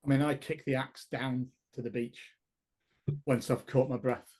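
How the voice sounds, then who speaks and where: A man's voice: medium pitch, flat delivery, normal speed, darkish tone. A man describing his hero's actions as a player in a tabletop game, hesitant with many fillers. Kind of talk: casual tabletop play.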